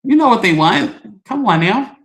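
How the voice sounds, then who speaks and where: A woman's voice: on the high side, expressive, normal speed. A middle-aged woman, chatting on a livestream and reading viewer comments, laughing and teasing. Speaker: livestream host.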